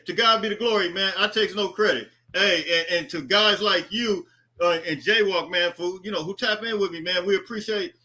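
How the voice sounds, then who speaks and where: Podcast host guy, high bright voice, loose easy chatting. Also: rough recording. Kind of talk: casual podcast chat.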